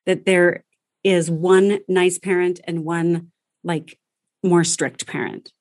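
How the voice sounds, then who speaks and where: A woman coaching a parent through everyday problems, speaking in a direct, practical and lively way. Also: fairly low pitch, slow pace, no room sound, clean studio sound. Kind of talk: coaching conversation.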